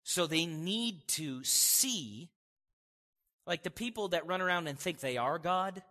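A man preaching in an animated, conversational way, chuckling often as he makes his points. His voice is bright and somewhat high for a man. It rings with the long reverb of a church hall. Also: slow. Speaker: pastor. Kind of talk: sermon.

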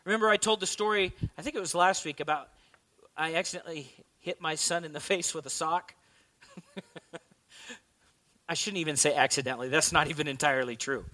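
A pastor in his thirties delivers a conversational sermon, frequently asking his listeners questions. His voice is high with a sharp tone.

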